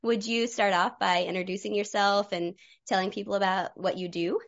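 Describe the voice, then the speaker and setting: Woman hosting a podcast, chatty and excited, kinda dull lo-fi sound. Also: medium pitch, moderate pace. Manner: chatty and enthusiastic. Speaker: podcast host. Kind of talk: casual interview chat.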